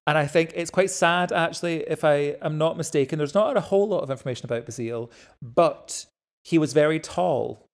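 Scottish co-host, playful and excitable, teases freely, casual chat voice. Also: medium pitch. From Scotland. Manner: enthusiastic, playful, quick to tease. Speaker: podcast co-host and actor.

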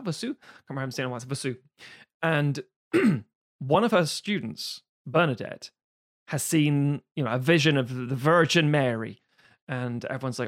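A man co-hosting a casual film discussion, animated, swearing freely and laughing often. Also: mid-range voice, normal speed, no room sound, clean studio sound.

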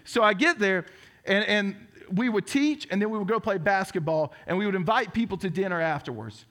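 High-voiced Southern US pastor preaching. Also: male voice, a little fast, a bit bright. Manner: earnest storytelling with self-deprecating humor. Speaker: teaching pastor. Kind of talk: sermon. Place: church sanctuary.

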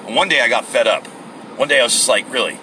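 A bright, forceful man's voice, talking his way through a long rambling tale in a casual solo podcast. He is middle-aged and slips into mock voices for the people he quotes. Faint traffic and air conditioning hum sit behind him in the car. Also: mid-range voice, fast, poor audio. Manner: rambling storyteller, acts out exchanges with mock voices. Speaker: podcast host. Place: in a car, at a gas station.

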